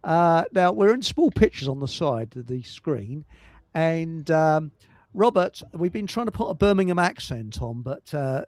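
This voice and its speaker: A man hosting a casual livestream, rambling and halting over technical trouble with many restarts. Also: fairly high pitch, very animated, a little mellow, dry recording. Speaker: livestream host. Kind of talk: casual chat. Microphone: computer mic on a video stream.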